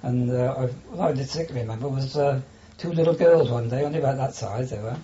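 Older male interviewee, mellow voice, hesitant delivery, dull lo-fi tape. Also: medium pitch. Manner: halting, hesitant with many restarts and fillers. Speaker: interviewee, former prisoner of war. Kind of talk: oral history interview.

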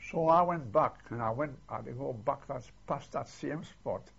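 An older man rambles through his memories of the war, often tagging his lines with "see". His voice is gravelly and husky. The old archival tape sounds dull and lo-fi. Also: medium pitch, normal speed. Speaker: war veteran interviewee. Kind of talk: oral history recollection.

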